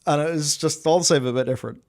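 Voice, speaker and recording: A man's voice: on the high side, fast talker, vocal fry, a little mellow. A man hosting a casual gaming chat, talking hesitantly with lots of fillers and jokey asides. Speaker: podcast host.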